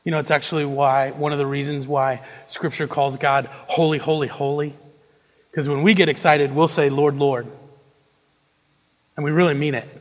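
A young man preaching a sermon, moving between hushed intensity and loud, emphatic delivery. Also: on the high side, little pitch movement, fairly quick. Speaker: pastor. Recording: long reverb of a large hall.

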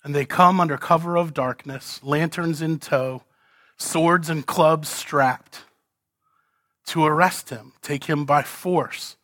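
A man preaching an expository sermon, asking rhetorical questions and swinging between loud emphasis and hushed lines. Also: on the high side, slow pace, no echo, studio quality. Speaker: pastor.

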